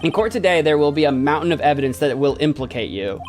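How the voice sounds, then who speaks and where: A man's voice: fairly high pitch, expressive, fast talker, a little mellow, faint music behind, close to an everyday voice. A man voicing a serious female lawyer mentor in a game, speaking earnestly and steadily.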